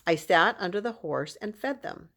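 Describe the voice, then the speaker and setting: A woman's voice: on the low side, animated, moderate pace, a bit bright. A woman voicing a sulky, smug schoolboy who mutters his replies.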